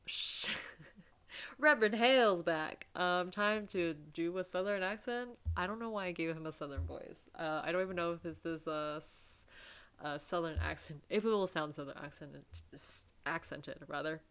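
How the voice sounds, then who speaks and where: A woman's voice: low voice, moderate pace, smooth. Giggly woman commenting on a game. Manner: giggly, self-deprecating asides. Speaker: game reader and player. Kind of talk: casual commentary.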